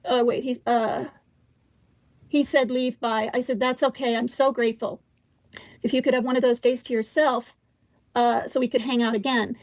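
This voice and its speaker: A woman with a somewhat high voice hosts a casual livestream. She reads text messages aloud in a halting way, breaking off with ums and side comments. Her voice is close to the mic and dry, with no room sound. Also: little pitch movement, darkish tone, dry recording. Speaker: livestream host.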